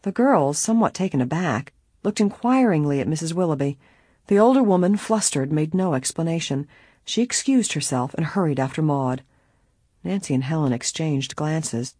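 A woman narrating an audiobook in a measured, clear storytelling manner. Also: sits low, animated, dark tone, dry recording, clean studio sound.

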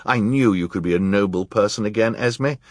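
A man's voice: on the low side, fairly quick, dry recording, studio quality, close to an everyday voice. A man voicing a naive, noble-minded man who pleads eagerly in a storybook reading. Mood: pleading.

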